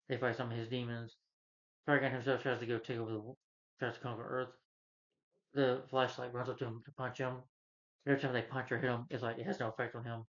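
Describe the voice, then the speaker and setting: A movie reviewer with a medium-pitched, fairly bright voice recaps a film's plot casually and ramblingly, leaning heavily on "you know." The recording is dull and lo-fi.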